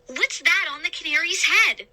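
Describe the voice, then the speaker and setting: A woman voicing an excited young boy who speaks in high, urgent outbursts. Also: a little slow, exaggerated voice. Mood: pleading.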